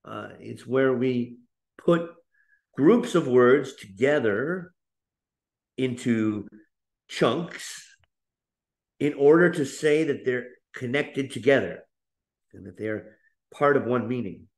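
A man teaching a webinar lesson on speaking, explaining slowly with frequent fillers and restarts. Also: mid-range voice, a little mellow. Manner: demonstrates example phrases in a lifted, playful voice.

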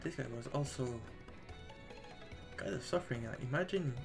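A man's voice: mid-range voice, moderate pace, gravelly, over music. A young man giving casual, rambling commentary while playing a game, trailing off mid-thought. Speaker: let's play host.

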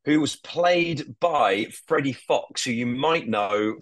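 A man's voice: medium pitch, animated, slow pace, no room sound. A man on a casual podcast chat, talking enthusiastically and swearing often while he stumbles through fillers and restarts. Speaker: podcast guest.

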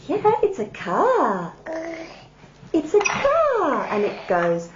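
Clinician at play with a baby, animated and very slow, dull recording with clear background noise. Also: female voice, high-pitched. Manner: playful, repeats toy sounds. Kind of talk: listening session with a baby.

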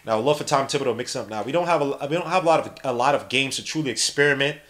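A young man hosting a podcast, giving casual live play-by-play and reading the chat aloud in an animated, slangy way. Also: medium pitch, racing. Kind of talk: casual live-stream commentary.

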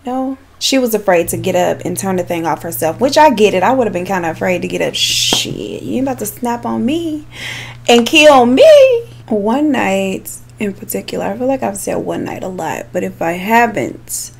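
Gravelly chatty storytime woman. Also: mid-range voice, normal speed, hardly any pauses. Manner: chatty, animated, asides to viewers. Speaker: true crime makeup vlogger. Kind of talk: casual storytime narration.

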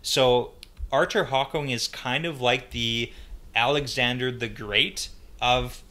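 A man co-hosts a book podcast, laying out story background in a steady, explanatory way and agreeing often with his partner. His voice is bright and of ordinary pitch. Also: slow pace. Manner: explanatory, even-toned, frequent agreeing "yeah". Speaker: podcast co-host. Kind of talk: casual book discussion.

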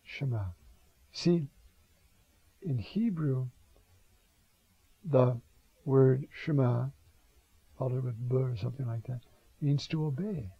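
An older priest preaches in a slow, unhurried way, his voice gravelly and husky. He talks conversationally, keeps asking "you see?" and drops in Hebrew words. The recording is dull and lo-fi. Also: medium pitch, no room sound. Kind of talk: homily on scripture.

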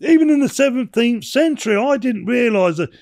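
In a casual podcast interview, a man in his sixties who used to fight bare-knuckle rambles through stories, cursing and peppering in "you know what I mean." His very high voice is gravelly and a little mellow, and he talks animatedly and a little fast.

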